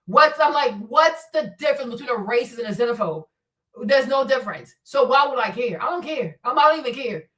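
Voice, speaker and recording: A woman who immigrated to America rants bluntly, swearing and sarcastic, in casual commentary. Her voice sits high. She sounds set back from the microphone, a little distant. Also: lively intonation, fairly quick, fairly bright tone. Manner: blunt, profane, sarcastic ranting. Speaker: commentary channel host.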